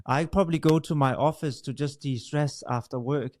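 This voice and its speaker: A man's voice: medium pitch, moderate pace, a little mellow. A man, co-hosting a podcast about relationships, explaining patiently and often checking in with "right?". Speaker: podcast co-host, couples expert. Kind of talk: conversational explanation, role-playing a partner.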